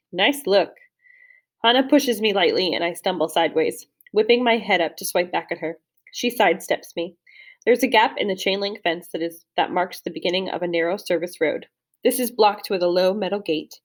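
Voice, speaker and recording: A woman's voice: fairly low pitch, brisk. Woman reading a novel aloud. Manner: steady storytelling read, with slips and restarts. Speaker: audiobook reader. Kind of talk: first-person novel narration.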